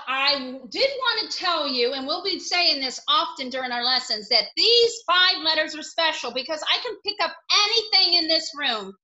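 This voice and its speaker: A woman teacher giving a phonics lesson to young children. Her voice is high and very bright, and it swoops up and down a great deal. She plays to her pupils with sound effects and bursts of excitement. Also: highs cut off. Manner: playful, animated, sound effects.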